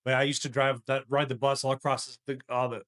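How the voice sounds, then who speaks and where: A man's voice: mid-range voice, level tone, a bit bright, dry recording, studio quality. A man co-hosting a podcast, talking casually and often restarting his sentences. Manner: halting, restarts sentences, swears in reaction. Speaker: podcast co-host. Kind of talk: casual chat.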